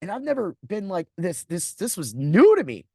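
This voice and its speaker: A man in his forties tells a personal story on his podcast, blunt and heavy on profanity. His pitch swings widely as he acts out other people's lines. The recording is dry and close, with no room sound. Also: huge pitch swings, moderate pace, warm tone, no room sound. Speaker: podcast host.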